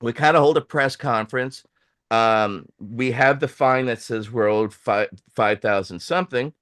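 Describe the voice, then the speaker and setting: A man hosting a show, telling a long story in a casual, animated way, acting out the voices of people he quotes. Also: medium pitch, moderate pace. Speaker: host.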